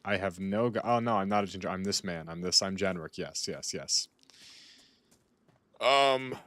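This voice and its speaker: A man's voice: sits low, normal speed, fairly bright tone, no room sound. A young man chatting casually while playing a video game, rambling and cutting himself off, talking to a friend off-mic. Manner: rambling, self-interrupting, talks to a friend off-mic. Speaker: gaming streamer. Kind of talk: casual gaming commentary.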